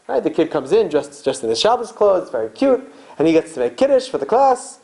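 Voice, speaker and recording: A rabbi giving an animated Torah lecture to a live audience in a synagogue, repeating phrases and asking rhetorical questions. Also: male voice, a little high, a little fast, creaky, poor audio. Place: synagogue hall.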